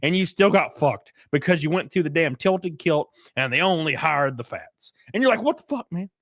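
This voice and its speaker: A man's voice: fairly high pitch, moderate pace, no room sound, clean studio sound. A young man hosting a livestream, ranting crudely and mockingly in casual commentary. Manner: crude, mocking, animated rants with laughs. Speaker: streamer host.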